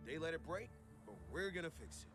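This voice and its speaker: Man playing a matter-of-fact engineer, higher-pitched, music underneath. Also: expressive, brisk, natural voice. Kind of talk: video game voice acting.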